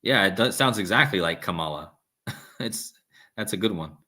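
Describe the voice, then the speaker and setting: Guy rambling on a livestream, lowish voice, reading chat out loud. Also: expressive, moderate pace. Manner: rambling, restarts, reads viewer comments aloud. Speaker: livestream host. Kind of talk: casual live-stream talk reading chat.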